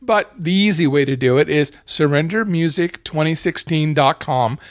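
Higher-voiced man promoting his album. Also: moderate pace, dry recording, studio quality. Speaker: musician guest. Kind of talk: casual podcast chat.

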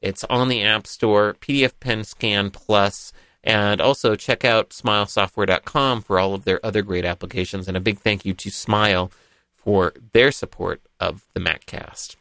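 A man's voice: lowish voice, moderate pace, no echo. A man hosting a podcast, reading a sponsor spot and chatting casually with guests. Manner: relaxed, chatty, reads sponsor spots conversationally. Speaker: podcast host. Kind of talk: casual tech podcast talk.

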